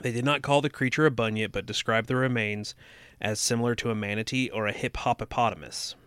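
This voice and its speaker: A man's voice: mid-range voice, steady tone, brisk, fairly bright tone, clear, resonant tone, dry recording. A young man co-hosting a podcast, reading aloud and chatting casually, cracking dry jokes and swearing. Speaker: podcast co-host.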